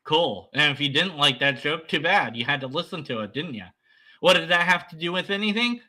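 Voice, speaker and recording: A man's voice: on the high side, animated, fairly quick, pushed and bright. A man giving rambling, sarcastic commentary while reacting to a video. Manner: rambling, mocking, sarcastic asides.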